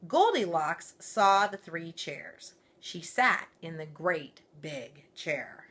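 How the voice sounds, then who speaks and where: A woman reads a fairy tale aloud at an unhurried pace, stretching out her words. Her voice is bright and a little breathy, and she dips into sudden whispers for effect. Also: low-pitched, expressive. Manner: dramatic, drawn-out reading with sudden whispers. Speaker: storyteller. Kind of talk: expressive storybook reading.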